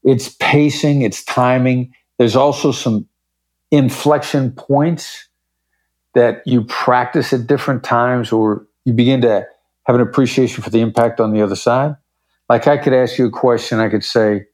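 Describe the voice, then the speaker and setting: In a conversational podcast interview, a negotiation expert speaks at a normal speed in a mid-range, slightly mellow voice with fairly even intonation. He's confident and emphatic, acting out short examples to illustrate his points.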